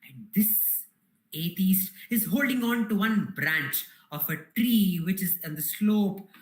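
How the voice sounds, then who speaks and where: A woman telling a faith story at a spiritual gathering, earnest, halting and repetitive. Her middle-pitched voice carries through an echoing room. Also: expressive. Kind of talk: storytelling talk. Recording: roomy echoey hall.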